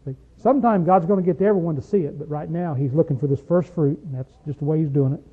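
A man preaching a sermon, asking his listeners questions and swinging between loud stretches and hushed ones. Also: on the high side, fast talker, breathy edge. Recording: tinny phone-like sound.

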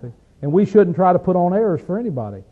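Southern hillbilly preacher guy, kinda high voice, folksy, sounds like it's coming through a phone. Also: very animated, slightly rough. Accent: Southern American hillbilly. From Appalachian region, USA. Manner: folksy, rhetorical questions, reads scripture slowly. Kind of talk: sermon. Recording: tinny phone-like recording.

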